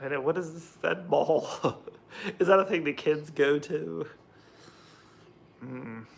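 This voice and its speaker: A young American livestreamer speaks slowly in a fairly high, gravelly voice while cooking. He rambles in a chatty way, greeting viewers by the names he sees in chat.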